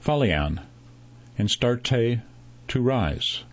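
A man reading a story aloud in a measured, unhurried narration, voicing the characters' dialogue. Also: mid-range voice, expressive, dull audio.

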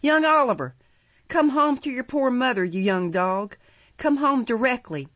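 A woman's voice: on the high side, expressive, moderate pace, fairly bright tone, no room sound, muffled recording, voice pushed up. A woman voicing a brutal, coarse man who drags off a boy and orders his dog about. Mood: bullying. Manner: gruff, bullying, coarse.

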